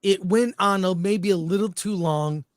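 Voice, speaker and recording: Blunt jokey guy reviewing movies on a livestream, highish voice, dry mic. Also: moderate pace, no room sound. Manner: brash, blunt, jokey, reads viewer comments aloud. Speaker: film critic co-host. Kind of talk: casual livestream film review chat.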